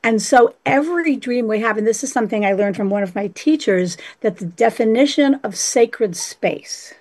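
A woman's voice: fairly high pitch, lively intonation, moderate pace, a little mellow. A woman explaining dreams in a flowing, spiritual way, using terms like hypnagogic and sacred space. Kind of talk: reflective explanation.

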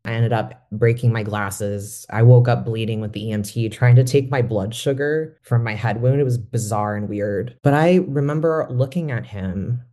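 A man who works as a mental health educator gives a candid personal testimony in a reflective, measured way. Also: mid-range voice, warm tone.

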